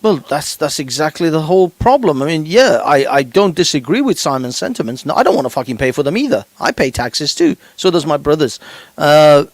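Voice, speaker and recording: A man's voice: high voice, no echo. A male podcast host giving fervent, preachy commentary, swearing and repeating words for emphasis.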